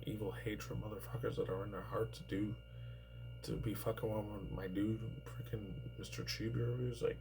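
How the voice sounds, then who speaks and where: Man in his 30s from New York, low and mellow voice, rambling and profane casual commentary. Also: rough recording. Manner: rambling, profane, heavy on fillers. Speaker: YouTuber reacting to news.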